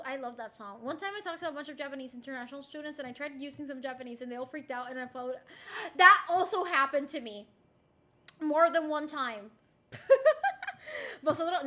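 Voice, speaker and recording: A young woman, a native Spanish speaker, streaming casually and giving a playful mock Spanish lesson, giggling and repeating words slowly like a teacher. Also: high-pitched, bright, forceful tone.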